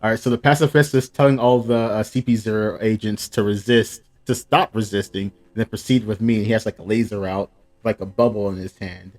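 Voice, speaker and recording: A man's voice: lowish voice, fairly even intonation, fairly quick, darkish tone. Casual man reading manga aloud. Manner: reads panels aloud between casual comments. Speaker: manga reaction host. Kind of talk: casual live reaction.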